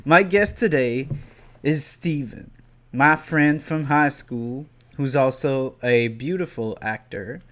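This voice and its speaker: Unhurried Quebec French host. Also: male voice, mid-range voice, fairly bright tone. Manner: rambling, hesitant, full of fillers. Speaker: podcast host. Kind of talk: casual podcast chat.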